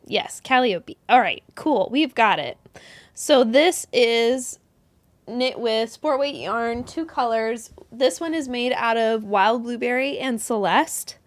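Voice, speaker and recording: A woman hosting a live yarn show in casual chat, bubbly and quick to laugh at herself, rambling with lots of restarts. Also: on the high side, no room sound.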